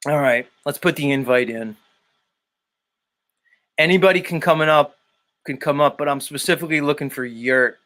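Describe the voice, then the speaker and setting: On a casual live stream, a male host reads viewers' chat messages aloud and teases them bluntly, swearing freely. His voice is on the high side and a bit bright, at a normal speed with frequent pauses.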